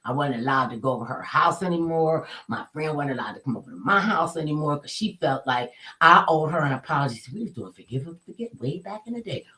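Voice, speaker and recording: Woman storyteller, casual and colloquial, animated, acts out her quotes. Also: sits low, quick pace, rough recording.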